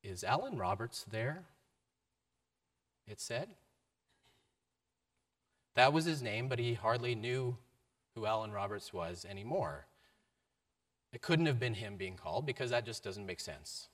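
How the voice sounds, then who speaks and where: A man's voice: fairly low pitch, expressive, unhurried, pauses often. Man preaching a storytelling sermon. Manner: storytelling, varied emphasis.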